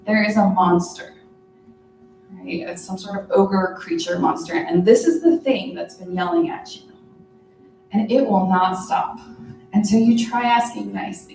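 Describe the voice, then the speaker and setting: A woman's voice: mid-range voice, darkish tone, a little hiss or hum. Woman lecturing in an echoey room. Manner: conversational, checks in with frequent "right?" and "okay?". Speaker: workshop presenter. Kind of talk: lecture to a live audience. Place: conference room with a podium. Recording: echoey room, mic far off.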